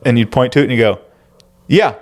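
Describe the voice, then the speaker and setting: A man's voice: medium pitch, racing. A man co-hosting a history podcast, telling stories in a laid-back way and laughing often. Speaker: podcast co-host. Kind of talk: casual comedic chat.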